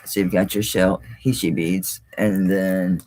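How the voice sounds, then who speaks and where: A woman's voice: rumbling low, steady tone, unhurried, warm tone. A middle-aged woman hosting a live jewelry sale, chatty and exclaiming, with mild swearing. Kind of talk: casual live-stream sales talk.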